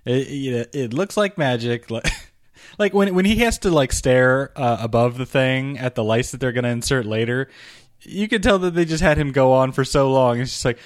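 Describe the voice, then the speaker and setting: A man's voice: medium pitch, normal speed, dry recording. Quippy man with a dry, close sound. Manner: dry jokey quips, deadpan asides. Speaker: podcast co-host. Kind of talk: casual movie-riffing chat.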